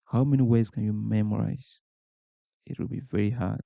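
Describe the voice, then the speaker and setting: A man speaks in a low, gravelly voice with a very dark tone. He gives informal language-learning advice, posing rhetorical questions and then answering them. The sound is dry and a little muffled. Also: fairly even intonation, fairly quick, no echo. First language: not English. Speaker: language learning podcast host. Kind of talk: informal advice talk to camera.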